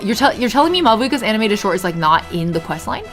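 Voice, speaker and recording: A young woman of middle pitch talks her way through a video game on a live stream, chatty and easily sidetracked. She breaks into sudden excited outbursts between stretches of offhand remarks. Faint music plays underneath her voice. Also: rapid-fire, hardly any pauses. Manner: chatty, easily distracted, bursts of excited exclamations. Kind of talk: casual live gameplay commentary.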